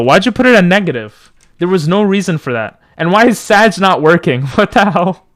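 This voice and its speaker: A young man streaming from home on a close boom mic, rambling and joking as he answers chat. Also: animated, fairly quick, no room sound. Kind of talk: casual live-stream chat. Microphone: boom mic close to the mouth.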